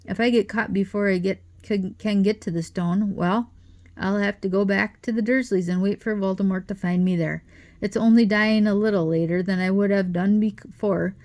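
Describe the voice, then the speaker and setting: A woman's voice: mid-range voice, fairly even intonation, normal speed, lightly acted. A woman doing an urgent, determined schoolboy. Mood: defiant. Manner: urgent, forceful. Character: determined young schoolboy hero.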